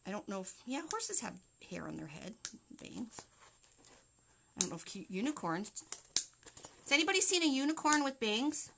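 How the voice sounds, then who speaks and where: A woman's voice: on the high side, very animated, normal speed, gravelly, long pauses, background noise. A Canadian woman chatting casually with live viewers as she walks through a wreath craft step by step. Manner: chatty, talks to viewers while working. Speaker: wreath-making livestream host.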